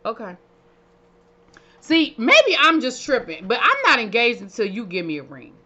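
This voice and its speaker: A woman's voice: fairly high pitch, normal speed, dull audio. Sassy, chatty woman reviewer. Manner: chatty, sassy, animated with playful asides. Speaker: reality TV reviewer. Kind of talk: casual recap commentary.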